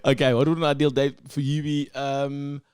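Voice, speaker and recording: A man co-hosting a podcast, chatty and animated, restarting his sentences as he thinks aloud. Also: mid-range voice, normal speed, smooth, no room sound, clean studio sound. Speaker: podcast co-host. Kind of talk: casual banter.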